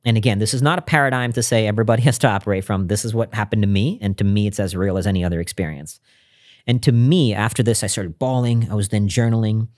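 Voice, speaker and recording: A man's voice: fairly low pitch, fast talker, a little mellow. A man speaking as a podcast guest, telling a personal story in an earnest, reflective way with frequent restarts.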